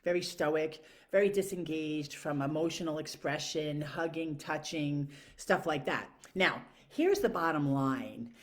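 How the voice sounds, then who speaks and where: A woman's voice: low-pitched, unhurried, few pauses. A woman talking casually to camera in a frank, profane, rambling way, full of fillers. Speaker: vlogger.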